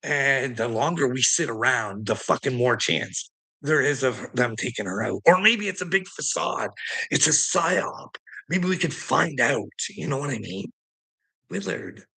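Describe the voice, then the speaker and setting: Male ranter, gravelly voice with a bright edge, profane and confrontational. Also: mid-range voice, expressive, a little slow. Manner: profane, confrontational, laughs mid-rant. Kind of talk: ranting monologue to camera.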